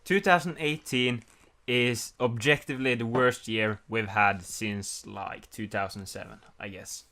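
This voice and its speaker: A man's voice: fairly low pitch, fairly even intonation, a little slow, pushed and bright. Young man hosting a jokey podcast. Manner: joking, teasing banter. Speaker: podcast host. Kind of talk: casual chat.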